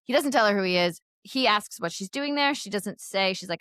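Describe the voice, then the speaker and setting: A woman co-hosting a podcast, recapping a book in casual chat, telling it in an animated way, laughing often and saying "like" a lot. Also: medium pitch, fairly quick, dry recording, studio quality. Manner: animated storytelling, frequent laughs and "like". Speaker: podcast co-host.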